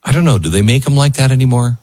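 A man's voice: mid-range voice, fast talker, a little mellow, no echo. A man hosting a talk radio show, musing in an emotional, rambling monologue full of restarts.

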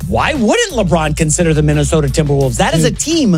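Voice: medium pitch, big pitch swings, fast talker. A sports show co-host with a mid-range voice, talking in a chatty, conversational way as they set up each story. A faint music bed runs underneath. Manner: chatty, conversational, brings in topics. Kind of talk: casual sports talk.

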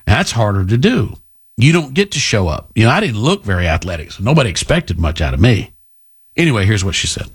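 A man's voice: on the low side, sing-song, brisk, slightly rough. Blunt, combative male radio host. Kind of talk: opinionated radio monologue.

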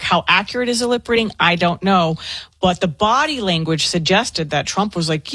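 A radio co-host giving a brisk, wry recap of a news story. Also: medium pitch, a bit bright, dry recording. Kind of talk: talk radio banter.

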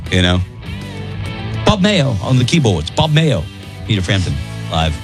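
A man's voice: on the low side, very animated, a little slow, music in the background. A man hosting a radio morning show, chatting casually in a rambling way with joking asides.

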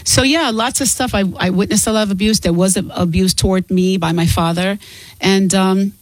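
A woman speaks candidly as a guest in an interview, earnest and open. Her voice sits at a middle pitch. The sound is dry and close, with no room around it. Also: steady tone, normal speed, no echo, poor audio. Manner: earnest and open, laughs easily. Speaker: guest author.

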